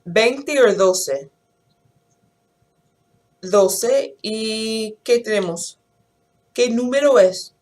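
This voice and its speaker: A woman teacher leads a language lesson at an unhurried pace, speaking slowly and deliberately. She explains in English, then counts and quizzes numbers aloud with clear, careful pronunciation. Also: mid-range voice. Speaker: Spanish teacher.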